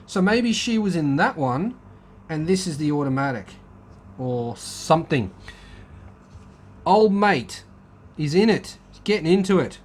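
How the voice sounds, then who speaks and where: A man's voice: high voice, a little hiss or hum. A man chatting casually as he flips through a car magazine, musing aloud and joking. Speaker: car channel host.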